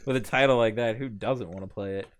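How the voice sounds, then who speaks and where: A man's voice: on the low side, fast, a little hiss or hum. A man appearing as a guest on a casual gaming podcast, with dry, understated humor.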